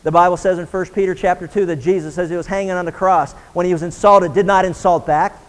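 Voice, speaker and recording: A man's voice: high-pitched, steady tone, fast talker, long reverb tail, poor audio. A man preaching a sermon as a pastor, earnest and rising in intensity on key points. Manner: earnest preaching, rising and pressing when emphatic.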